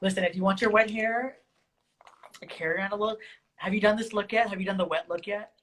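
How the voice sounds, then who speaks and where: A man's voice: sits high, fairly even intonation, quick pace, a bit bright, rough recording. A man chatting on a phone video call as a guest drag performer, gushing and effusive. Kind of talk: casual live-stream chat.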